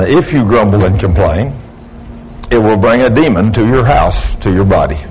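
A man's voice: lowish voice, a little mellow, a little hiss or hum, rough recording. A man preaching a sermon, folksy and conversational, acting out quotes from people in his church. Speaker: pastor.

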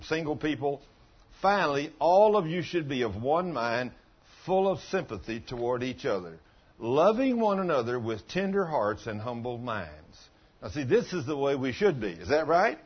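An older man in his late sixties delivers a folksy, down-to-earth sermon. His voice is husky and sits a bit high for a man. The recording sounds dull and lo-fi. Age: 60s. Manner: folksy, conversational preaching with colloquial grammar. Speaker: pastor. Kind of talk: sermon with storytelling.

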